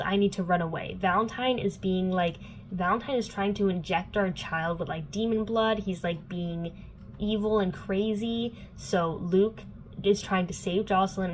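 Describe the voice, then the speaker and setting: A young woman vlogs a casual, sarcastic book recap, chatty and full of fillers, in a mid-range voice with fairly even intonation at normal speed. The audio is poor, with slight background noise.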